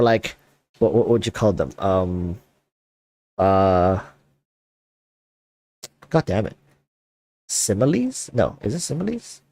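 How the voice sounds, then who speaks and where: A man hosting a casual chat, talking in an animated, rambling way with lots of fillers. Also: lowish voice, dry recording. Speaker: content creator and host.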